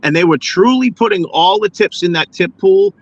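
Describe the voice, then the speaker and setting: Earnest male co-host, argues with examples, slightly high voice. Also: animated, moderate pace, muffled recording. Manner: earnest, argues with hypothetical examples and acted quotes. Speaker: podcast co-host. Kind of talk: casual chat.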